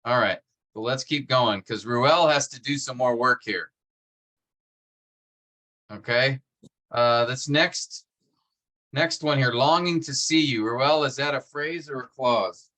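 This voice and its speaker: A man's voice: mid-range voice, takes it slowly, long pauses, sharp tone. A man teaching a seminary class over a video call, explaining step by step and checking in with "right?". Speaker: seminary instructor.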